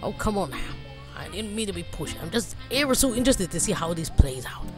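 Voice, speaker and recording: A woman voicing a fussy, nosy elderly gentleman with a prim, old-fashioned manner. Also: mid-range voice, sing-song, fairly quick, music in the background, close to an everyday voice. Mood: curious.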